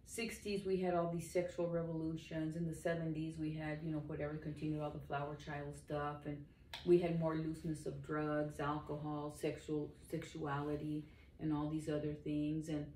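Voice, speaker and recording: An older woman in her sixties preaches to the camera with an earnest, rambling emphasis. Her voice sits low for a woman. She is heard from some distance in a roomy space with faint noise behind her. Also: mellow. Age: 60s. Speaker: lay minister.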